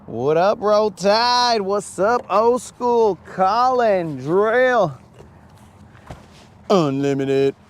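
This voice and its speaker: A man's voice: high-pitched, expressive, extremely slow. A man hosting a casual fishing livestream from a boat on a lake, hyped and slangy, talking straight to his viewers.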